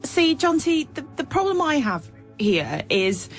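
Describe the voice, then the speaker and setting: A woman's voice: high-pitched, big pitch swings, measured pace, faint music behind. A female radio co-presenter in a studio, chatty and giving her verdict in casual banter. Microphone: studio microphone.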